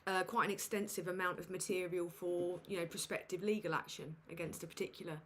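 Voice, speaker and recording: A woman's voice: on the low side, steady tone, brisk, fairly bright tone. A woman hosting a casual livestream from a home setup on a desk microphone. She talks in a flustered, self-mocking way, with many fillers and casual swearing. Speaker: livestream host. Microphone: USB desk microphone.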